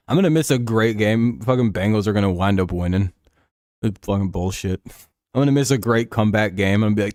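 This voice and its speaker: A young man hosts a casual livestream while watching a football game, joking, swearing and laughing a lot. His voice is fairly low, expressive and brisk with a slightly mellow tone. The sound is clean studio quality with no room sound.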